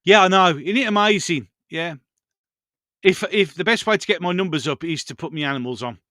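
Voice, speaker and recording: A man's voice: sits high, a little fast, pushed and bright, dry recording, clean studio sound. A man hosting a casual live stream, rambling through viewer comments and chatting to his pets.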